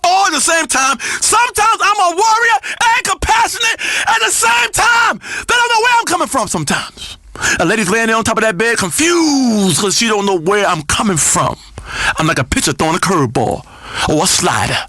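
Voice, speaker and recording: An actor playing a crude, boastful male spiritual-guru radio host, preaching loudly and swinging between growls and shouts. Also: high voice, animated, brisk, no room sound, full character voice. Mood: brash. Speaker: radio talk show host. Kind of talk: comedic radio talk show.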